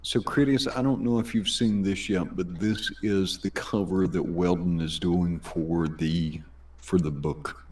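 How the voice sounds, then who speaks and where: A man's voice: low voice, steady tone, unhurried, a little mellow, distant mic. A man co-hosting a casual stream, enthusiastic and promotional, often restarting his sentences. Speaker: stream co-host reading chat.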